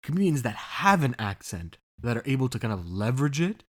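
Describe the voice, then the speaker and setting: Animated casual man chatting on a podcast. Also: medium pitch, fairly quick. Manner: animated, laughs often, swears casually. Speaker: podcast co-host. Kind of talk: casual chat.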